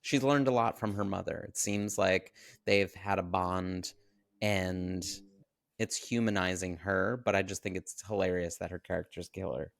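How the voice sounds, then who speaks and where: A man's voice: deep voice, normal speed, creaky. A man co-hosting a podcast, giving loose casual commentary on a film with lots of fillers. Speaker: podcast co-host. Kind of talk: casual chat about a film.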